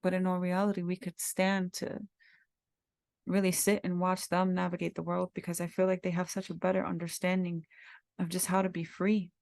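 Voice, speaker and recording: A woman's voice: fairly low pitch, completely flat delivery, moderate pace, gravelly, darkish tone, no echo, studio quality. A woman in her thirties hosting a podcast, talking in an earnest, heartfelt, rambling way and repeating herself as she reflects. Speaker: podcast host. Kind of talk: reflective personal talk.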